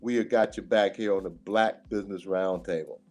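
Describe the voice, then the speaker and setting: A man hosting a live talk radio show, emphatic and animated, breaking into laughter. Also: low voice, normal speed, soft background music. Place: radio studio.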